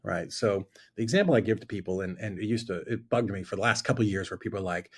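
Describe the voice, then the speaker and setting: A man telling an animated story about his past, acting out both sides of a conversation. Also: on the low side, fast talker, slightly rough. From Florida. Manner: lively storyteller who acts out both sides of dialogue. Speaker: guest investor telling a story. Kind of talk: animated anecdote on a talk show.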